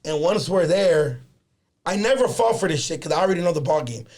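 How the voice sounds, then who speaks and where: A man with a slightly high, gravelly voice tells a story in loose, casual podcast chat. He swears freely and drops Spanish words into his sentences. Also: brisk. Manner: profane, animated storyteller mixing in Spanish words. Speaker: podcast co-host.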